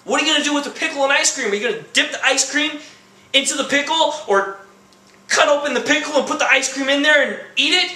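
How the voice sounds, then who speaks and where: A young man delivering a comedic rant, acting out quoted lines and bursting into shouts. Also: very high-pitched, fast, echoey room, rough recording. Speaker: comedy vlogger.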